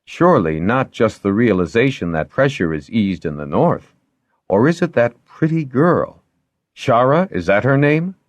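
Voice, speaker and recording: A man reading aloud and voicing a placid, dryly wry older lord who speaks in a calm, measured way. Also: mid-range voice, dry recording, voice pushed up, close to an everyday voice.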